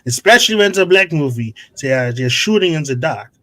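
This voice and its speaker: A man's voice: fairly high pitch, lively intonation, a little fast, a bit bright. A man in a casual group chat, teasing and challenging the others.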